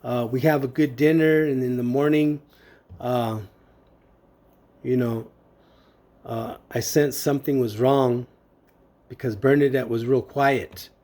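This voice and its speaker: A man giving personal testimony, telling a family story in a halting way with many pauses and fillers, acting out the dialogue he quotes. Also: mid-range voice, fairly even intonation, a little mellow.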